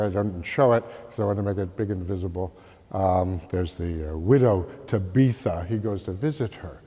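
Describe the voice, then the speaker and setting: Halting man lecturing in a reverberant hall. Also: on the low side, warm tone. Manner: halting, many fillers, calling for the next slide. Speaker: art history lecturer. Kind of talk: slide lecture.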